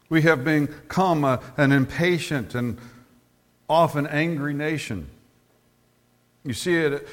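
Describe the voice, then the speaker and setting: A man preaching a sermon as pastor, telling anecdotes and often repeating words as he goes. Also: on the high side. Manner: tells stories, often repeats words, slows for emphasis.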